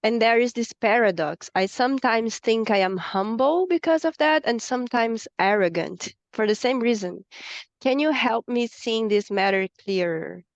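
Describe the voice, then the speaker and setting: A woman moderating an online lecture, reading audience questions aloud in a plain, measured way. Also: fairly high pitch, animated, no echo, dull audio.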